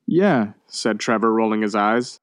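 A male reader narrating a short story in a measured, steady way. He is recorded close and dry, with an even middle pitch. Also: no echo. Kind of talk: audiobook reading.

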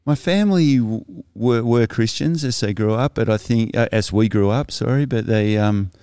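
A middle-aged man, a podcast guest telling his personal story in a reflective, halting way with many restarts. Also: mid-range voice, mellow, clear, resonant tone, dry recording, studio quality. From Australia.

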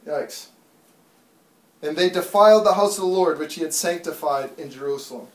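A man's voice: fairly high pitch, moderate pace. A man preaching a sermon to a congregation, talking plainly and then building to urgent, impassioned appeals. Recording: echoey room, mic far off.

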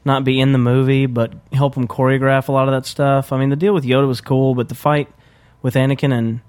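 A man's voice: medium pitch, level tone, a little fast, darkish tone, smooth. A man co-hosting a podcast in casual chat, rambling and hesitant, often trailing off. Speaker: podcast co-host.

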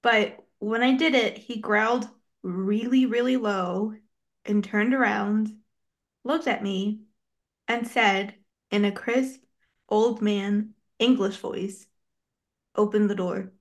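A woman's voice: mid-range voice, fairly even intonation. A woman co-hosting a podcast in casual chat, reading stories aloud and giggling often. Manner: giggly, reads stories in an easy, unhurried way. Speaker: podcast co-host.

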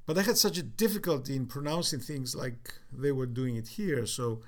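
Older Cypriot-accented man, mid-pitched, halting storyteller full of ums and restarts. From Cyprus. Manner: halting, with many fillers and restarts. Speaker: interviewee. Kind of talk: reflective storytelling.

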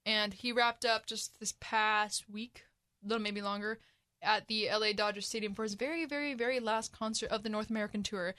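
A woman hosting a school radio show, chatting casually and reading a sports update with upbeat, drawn-out emphasis. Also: medium pitch, steady tone, sharp tone.

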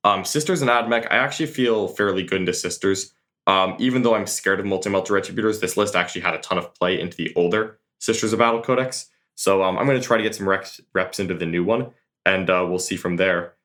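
A man's voice: low voice, quick pace, fairly bright tone. A man being interviewed on a podcast, answering earnestly and thoughtfully, with many fillers and restarts. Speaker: guest tabletop tournament player.

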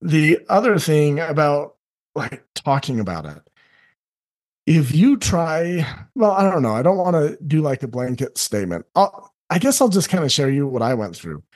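A middle-aged man who works as a life coach, talking earnestly on a podcast and often acting out other people in quick asides. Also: a little high, big pitch swings, a little mellow. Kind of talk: candid podcast conversation.

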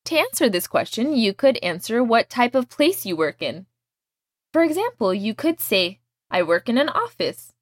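A woman teaching a language lesson, explaining words patiently and clearly and modeling each one for her student to repeat. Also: on the high side, big pitch swings, normal speed, dry recording, studio quality.

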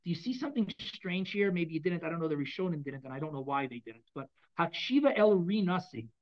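A woman's voice: fairly low pitch, expressive, fast talker, dull audio. A woman teaching a text lesson to a class, explaining and often asking the students if they follow. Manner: explanatory, asks the class questions. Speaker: Torah teacher.

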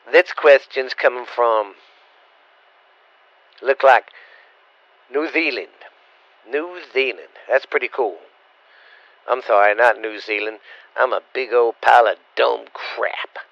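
A man's voice: medium pitch, fairly even intonation, unhurried, creaky, pauses often, no echo. Middle-aged man, blunt and profane, stammering Q&A vlogger; dull, dry lo-fi recording. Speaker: vlogger answering viewer questions. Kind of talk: casual rambling Q&A.

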